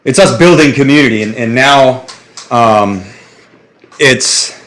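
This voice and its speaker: A man with a voice of ordinary pitch chimes in on a casual podcast. He talks reflectively and haltingly, often restarting his sentences. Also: a bit bright. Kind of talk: casual discussion.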